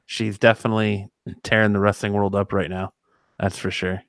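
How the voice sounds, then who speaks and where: A man with a smooth, resonant voice chatting casually as a podcast host. He talks in a relaxed, rambling way. The close mic sounds dry. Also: on the low side, moderate pace, dry recording. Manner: relaxed, with frequent fillers and restarts. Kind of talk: casual chat.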